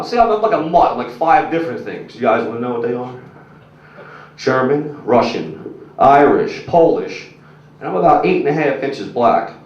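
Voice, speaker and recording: A man's voice: mid-range voice, a little hiss or hum. Crude rambling male stand-up comic. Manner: crude, rambling, filler-heavy delivery. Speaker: stand-up comedian. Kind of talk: stand-up set with crowd work. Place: comedy club stage. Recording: echoey, muffled room recording from a distance.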